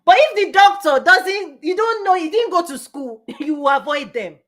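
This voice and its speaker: A woman business coach giving a forceful motivational talk, repeating punchy phrases and laughing often. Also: very high voice, expressive, moderate pace.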